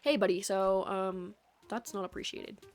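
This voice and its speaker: A young Midwestern woman rambles casually while streaming a game, packing her sentences with "like." Her mid-range voice keeps a steady tone at a moderate pace. She's on a USB mic with soft lofi music playing behind her.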